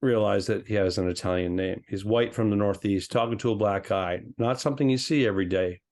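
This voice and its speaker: A man co-hosting a comedy podcast, throwing in sardonic, deadpan remarks. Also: fairly low pitch, brisk. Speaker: podcast co-host. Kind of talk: casual chat.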